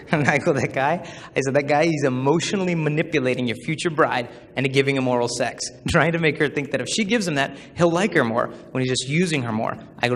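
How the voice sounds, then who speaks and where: Animated man speaking in an echoing hall. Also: medium pitch. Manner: animated storytelling, acts out voices. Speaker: chastity speaker. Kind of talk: humorous public talk to students.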